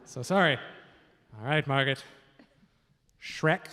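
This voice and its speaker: Chatty quiz host in a reverberant hall. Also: male voice, medium pitch, slow, sharp tone. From Washington state. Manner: upbeat, chatty, joking asides. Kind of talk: live stage quiz hosting. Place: large event hall.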